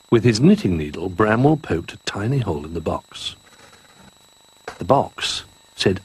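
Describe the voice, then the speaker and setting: A man narrating a children's storybook in an expressive, gently paced reading. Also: fairly low pitch, unhurried, long pauses, husky.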